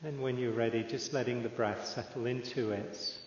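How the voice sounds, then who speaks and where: A man leading a guided meditation in a slow, calm way with long pauses. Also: mid-range voice. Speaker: meditation teacher. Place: meditation hall. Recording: echoey hall, dull lo-fi sound.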